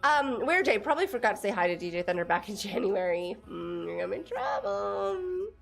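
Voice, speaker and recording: A woman's voice: medium pitch, brisk, creaky, fairly bright tone, soft background music. A young woman from Texas chatting casually on a live stream, laughing often and teasing her viewers as she reads their messages. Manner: giggly, teasing, reads chat aloud.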